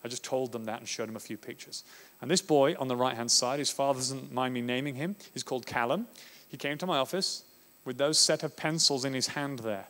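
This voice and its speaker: Animated male conference speaker in a hall. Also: medium pitch, fairly quick. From Australia. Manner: animated, acts out classroom scenes. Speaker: education speaker. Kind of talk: conference talk. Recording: reverberant hall.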